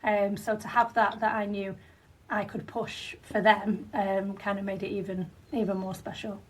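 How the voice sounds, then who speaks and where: A woman in her thirties with a Northern English accent appears as a franchisee guest on a podcast, telling her story. Her mid-range voice has little pitch movement, a normal pace and a breathy edge, and she sounds recorded from a distance. She's chatty, with fillers and restarts.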